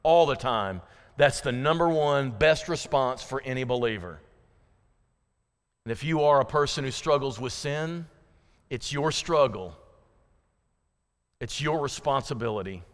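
An American man preaching a sermon as pastor, swinging from loud, rising passion to low, intimate appeals. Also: animated, unhurried, pauses often. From United States. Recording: hall reverb.

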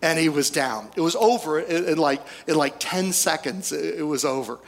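A male pastor preaching a storytelling sermon, folksy, with humorous asides and pauses for effect. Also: on the high side, expressive, gravelly.

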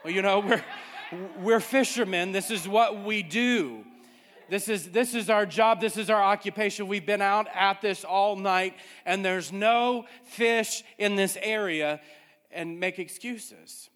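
High-voiced preaching man in a reverberant hall. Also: unhurried, fairly bright tone. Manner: emphatic preaching with repeated refrains. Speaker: pastor. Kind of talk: sermon.

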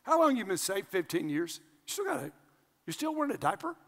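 An older man preaching a sermon as pastor, energetic and animated, jumping between loud shouts and hushed asides. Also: high voice, a little fast, slight background noise. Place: large church sanctuary. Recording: long hall reverb.

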